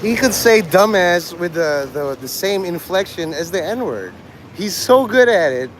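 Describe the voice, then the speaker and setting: A man's voice: sits high, animated, a little slow, slight background noise, low-quality recording. A man livestreaming outdoors on a city street, rambling crudely and joking provocatively.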